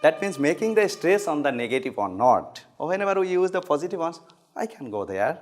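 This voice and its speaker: A man's voice: a little high, big pitch swings, fast talker. A man student carefully explaining a grammar point about stressing negative words.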